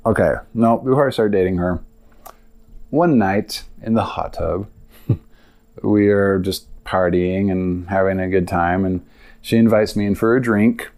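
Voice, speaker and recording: A man's voice: sits low, steady tone, unhurried, darkish tone. A man hosting a podcast, telling a long personal story in a rambling, confessional way with many fillers. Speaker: podcast host. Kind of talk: casual storytelling monologue.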